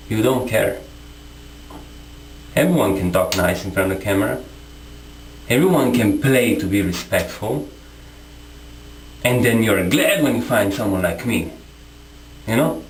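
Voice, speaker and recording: Male vlogger, combative rant to camera, lively swinging pitch, echoey room. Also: slight background noise. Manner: confrontational, repetitive, rhetorical questions. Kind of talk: impassioned monologue to camera.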